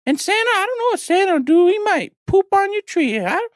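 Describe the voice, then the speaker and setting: A man's voice: very high-pitched, big pitch swings, brisk, dry recording, voice pushed up. A man putting on the voice of a chatty, grumbling male Christmas elf who rambles in a folksy, pleading way during a comic podcast bit. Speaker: podcast host.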